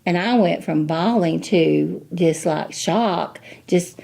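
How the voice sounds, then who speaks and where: Woman, middle-aged, low mellow voice, folksy storyteller, interview guest. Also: slow pace, gravelly. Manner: chatty, folksy, many "you know" asides, acts out quoted dialogue. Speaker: guest, ministry director.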